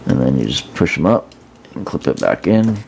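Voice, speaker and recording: Low gravelly man reviewing a toy. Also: moderate pace, a little hiss or hum. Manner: relaxed, rambling, many fillers and restarts. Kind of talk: casual hands-on product review.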